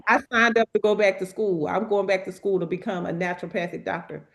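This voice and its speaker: Earnest, halting woman sharing a dream. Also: medium pitch, fairly even intonation, creaky. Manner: earnest, halting, repeats herself. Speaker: guest. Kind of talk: casual testimony on a group call.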